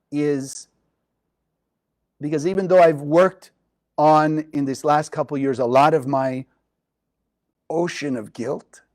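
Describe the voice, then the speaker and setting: A man's voice: a little high, darkish tone, low-quality recording. A man teaching a spiritual lesson to a live group, talking expressively and often putting questions to his listeners.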